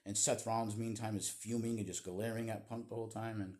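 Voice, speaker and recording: Opinionated man with a lowish voice. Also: flat delivery, brisk, darkish tone. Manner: opinionated, chatty storytelling. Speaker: wrestling vlogger. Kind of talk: casual show recap.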